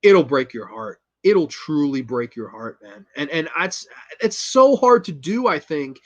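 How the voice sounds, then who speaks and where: A man talks through a favourite horror film in an eager, profane rush, acting out lines as he retells scenes. His voice sits a little higher than most men's. The recording is slightly dull and lo-fi. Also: sing-song, unhurried. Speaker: host. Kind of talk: casual film review monologue.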